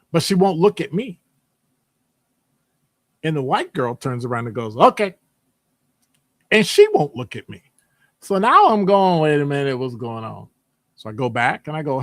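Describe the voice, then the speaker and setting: A man talking casually in a rambling monologue, animated and digressive, jumping into high voices when quoting people. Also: dry recording. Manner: conversational, digressive. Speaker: podcast host; academic department member.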